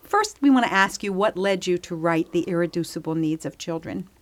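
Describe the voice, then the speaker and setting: A woman's voice: fairly low pitch, lively intonation, fairly quick, no room sound. A woman co-host formally introducing her guests and asking the first question. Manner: formal, warm welcome.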